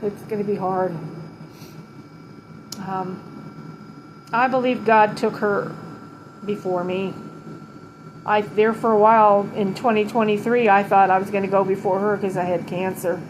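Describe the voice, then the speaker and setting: A middle-aged woman giving a tribute to her late mother at home, halting and holding back tears, with many pauses and restarts. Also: medium pitch, level tone, noisy background. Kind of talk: emotional personal vlog.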